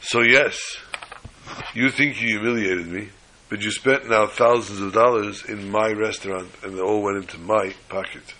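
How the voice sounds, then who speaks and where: A man voicing a calm old man who answers matter-of-factly. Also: fairly low pitch, normal speed, slight background noise, rough recording.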